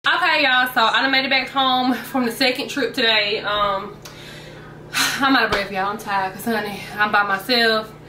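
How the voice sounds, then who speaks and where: Bright chatty woman vlogging. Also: fairly high pitch, steady tone, normal speed, slight background noise. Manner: chatty, keeps addressing viewers as y'all. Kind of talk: casual grocery haul chat. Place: at home, indoors. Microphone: camera mic.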